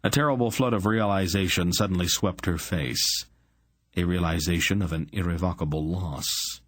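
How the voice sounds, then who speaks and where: A man narrating a fantasy audiobook in a measured, dramatic way. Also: deep voice, fairly bright tone, no room sound. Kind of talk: scripted narration.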